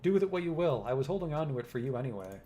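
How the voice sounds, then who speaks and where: A man's voice: mid-range voice, big pitch swings, very fast, mellow, a little hiss or hum, lightly acted. A man reading aloud the lines of a small, defensive male hacker. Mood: placating. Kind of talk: reading game dialogue aloud.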